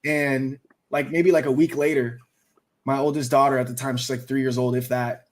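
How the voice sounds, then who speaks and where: A man's voice: medium pitch, level tone, normal speed. A man in his thirties hosting a live stream, chatting casually and swearing a lot, calling everyone bro and dude. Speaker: host.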